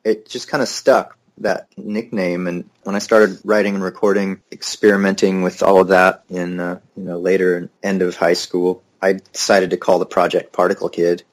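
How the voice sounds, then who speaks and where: A young man with a very deep voice chats as an interview guest. He tells stories in a loose, easygoing way, often breaking into a laugh. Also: moderate pace, hardly any pauses. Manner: relaxed storyteller, laughs easily. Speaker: musician guest. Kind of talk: casual interview conversation.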